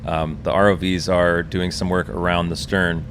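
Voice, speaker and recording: A man's voice: deep voice, level tone, moderate pace, a bit bright. A man hosting a podcast from a ship's lounge, chatty and friendly. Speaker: podcast host. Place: lounge of a research ship at sea. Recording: hum of ship engines behind. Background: ship engine hum, faint music.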